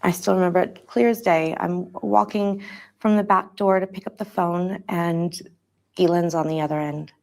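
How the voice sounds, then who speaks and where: A woman with a lowish, gravelly voice gives an interview about her past. She talks in a halting, hesitant way, often restarting her sentences. Her account sounds personal and emotional. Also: fairly even intonation, a little mellow.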